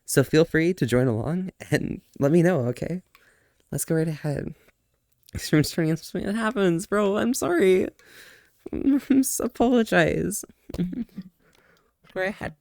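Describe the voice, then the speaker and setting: A man's voice: high voice, unhurried, creaky, pauses often, darkish tone, dry recording. Playful flirty male streamer, dry sound. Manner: playful and flirty, often laughing, stammers. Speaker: livestream host. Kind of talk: casual live-stream chat.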